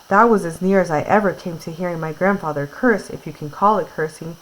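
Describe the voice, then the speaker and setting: A woman's voice: lowish voice, a little fast, few pauses, rough recording. Woman teacher, reads a book to her class and chats through it in plain words. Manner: reads aloud, then retells in casual words with fillers. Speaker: teacher reading aloud. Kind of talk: classroom read-aloud with retelling.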